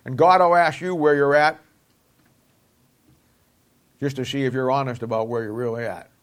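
A man's voice: medium pitch, steady tone, moderate pace. A man teaching a Bible lesson in a folksy, conversational preaching style, asking his listeners rhetorical questions.

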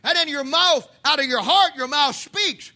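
A man delivers a sermon at a moderate pace in a strikingly high, bright and piercing voice. His fiery pulpit style swings between booming shouts and hushed, quiet asides.

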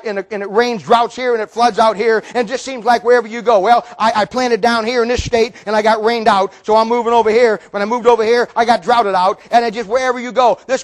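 Fiery man preaching a sermon in a very high voice, folksy and full of rhetorical questions, breaking into shouts.

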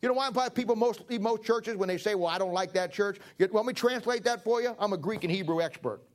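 A man's voice: sits high, fast talker. A man preaching a sermon in a folksy, joking way, acting out little everyday scenes. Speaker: pastor.

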